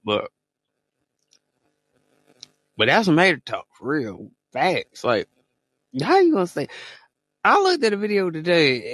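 Animated man on a casual podcast. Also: no echo. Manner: animated, slangy storytelling with sudden high-pitched exclamations. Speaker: podcast co-host.

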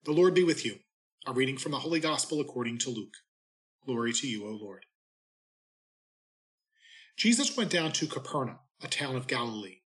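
Male clergyman, mid-pitched, unhurried reverent delivery for daily readings and a short homily. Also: lively intonation, fairly bright tone, low-quality recording. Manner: measured, reverent reading cadence.

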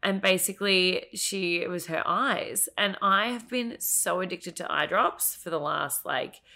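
A woman telling her story as a podcast guest, animated and swearing freely as she acts out what others said. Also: lowish voice, measured pace.

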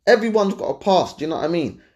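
A young man gives blunt, animated relationship advice in a casual, slangy way, repeating his points. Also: high-pitched, quick pace, lo-fi sound. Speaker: advice-giving host.

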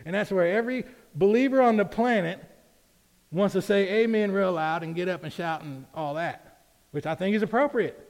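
A man's voice: a little high, a little mellow. A man, preaching a sermon in a church sanctuary, chatty at times and emphatic at others. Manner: conversational preaching, rising to emphatic peaks. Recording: reverberant church hall.

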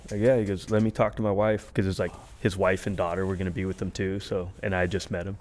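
A man's voice: sits low, level tone, brisk. A man guest on a podcast, telling a long story in a laid-back, rambling way, full of likes and ums. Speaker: podcast guest, harmonica player. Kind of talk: casual storytelling chat.

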